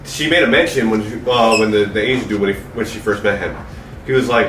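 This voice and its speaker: A podcast co-host casually reviews a movie with friends, talking fast in a fairly low, slightly bright voice. He's loose and rambling, packing in lots of fillers. The mic is distant in an echoey room, with faint noise.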